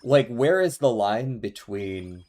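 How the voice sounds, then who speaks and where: Laid-back and laughing often, this man talks to his chat while streaming a game, musing aloud as he plays. His voice is medium-pitched, animated, slow and a little mellow.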